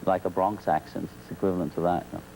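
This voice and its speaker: A man from England with a Liverpool accent, a talk show guest chatting in a relaxed, wry way and laughing often. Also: deep voice, fast talker, slight background noise, rough recording. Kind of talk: casual talk show chat. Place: television studio.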